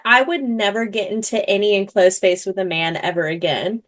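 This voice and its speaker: A woman's voice: mid-range voice, brisk. Young woman, podcast co-host, dry teasing humor, casual book chat. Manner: wry, teasing, sarcastic asides.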